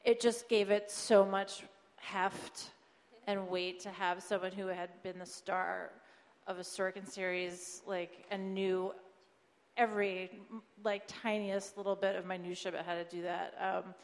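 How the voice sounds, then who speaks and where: A woman's voice: mid-range voice, little pitch movement, unhurried. Rambling upbeat woman in a big hall. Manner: rambling, filler-heavy, upbeat. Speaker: comedy show panelist. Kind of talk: panel Q&A, casual talk.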